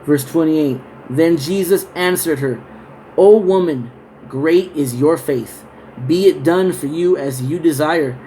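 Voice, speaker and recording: A man's voice: a little high, dark tone, a little hiss or hum, poor audio. Casual man teaching scripture. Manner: reads verses slowly, then explains in loose conversational asides. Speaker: Bible teacher. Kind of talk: scripture reading and casual Bible study talk.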